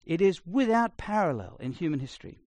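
A middle-aged man preaching a sermon, blunt and conversational, swinging between loud emphasis and quiet asides. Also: a little high, big pitch swings, a little fast, no room sound. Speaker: pastor.

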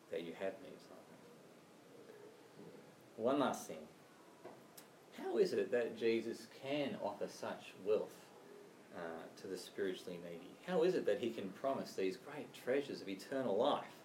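A man preaches in a chatty way, with a lively, rising and falling pitch. The recording is roomy, with the mic set well back from him. There is faint ambience behind him. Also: measured pace, recorded from a distance, a little hiss or hum. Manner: conversational, chatty with frequent "right?" and "you know". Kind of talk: sermon.

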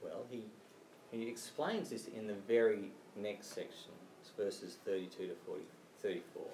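A man's voice: on the low side, moderate pace, darkish tone, a little hiss or hum. A man preaching a sermon in a conversational way, often checking in with "right?" and "you know". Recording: roomy, distant mic with faint ambience.

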